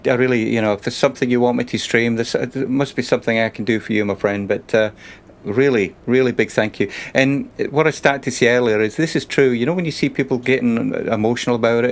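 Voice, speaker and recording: A man streaming a bus-driving game, chatting and thanking viewers in an emotional, rambling way. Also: mid-range voice.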